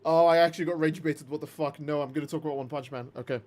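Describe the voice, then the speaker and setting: A man hosting a game livestream, chatting casually and ranting in an animated, profane, exasperated way. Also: on the high side, rapid-fire. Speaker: livestream gamer host.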